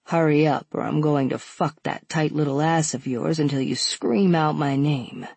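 A woman voicing a playful, commanding grown man in an audiobook, husky and teasing. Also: deep voice, fairly even intonation, moderate pace, darkish tone, no room sound, full character voice. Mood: teasing, urgent. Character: playful commanding adult male lover.

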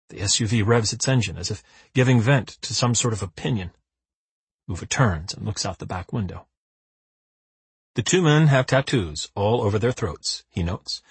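A man narrating an audiobook with a lively, dry comic storytelling manner. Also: medium pitch, slightly rough, no room sound.

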